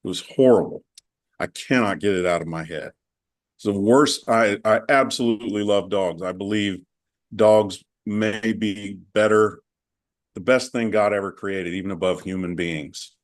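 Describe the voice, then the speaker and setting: A man with a low voice talks casually on a video call. He is chatty and candid, and he rambles as he tells a story. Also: normal speed. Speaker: coaching client.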